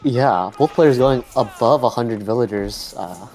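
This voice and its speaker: A man's voice: mid-range voice, a little slow, darkish tone, a faint crowd. A man co-commentating a strategy game tournament live in a casual, keen way. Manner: casual, keen, filler-heavy. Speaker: co-caster.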